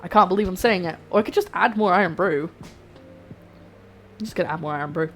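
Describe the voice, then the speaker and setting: A woman's voice: on the low side, normal speed, fairly bright tone. A young woman streaming herself cooking, chatting and rambling to her viewers while she works in her home kitchen. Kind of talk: live-stream cooking chat. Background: faint background music.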